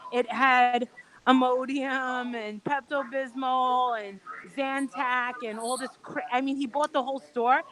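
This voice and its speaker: High-pitched woman rambling thru a story on a video call, does everybody's voices. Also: a bit bright, poor audio. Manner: rambling, acts out quoted dialogue. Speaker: guest recounting events.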